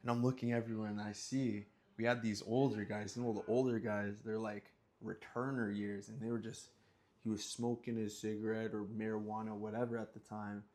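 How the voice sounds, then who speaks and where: Man, low voice, casual vlog storytelling, slangy, animated with high yelps. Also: fairly quick. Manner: animated, acts out scenes with sudden high yelps and sound effects; relaxed slang-laced talk. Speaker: vlogger telling a personal story.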